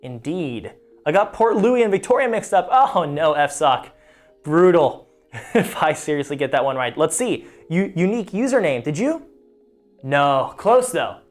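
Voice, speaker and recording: A man's voice: on the high side, animated, unhurried, faint music behind. A man hosting a live trivia game stream, chatty and self-mocking, stumbling over place names as he reads the questions.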